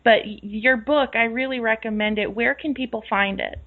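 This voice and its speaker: A woman's voice: on the high side, steady tone, moderate pace. A woman with a Midwestern American accent hosting a podcast interview in a casual, earnest way, often restarting her sentences. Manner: earnest, repeats words when starting sentences. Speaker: podcast host. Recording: dull lo-fi audio with faint music.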